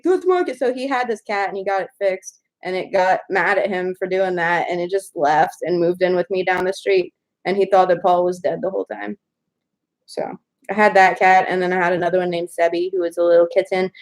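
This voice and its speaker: Woman, twenties, casual livestream chat, rambling storyteller, home mic. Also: mid-range voice. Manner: rambling, chatty storytelling with many "like"s. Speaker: writer hosting a livestream.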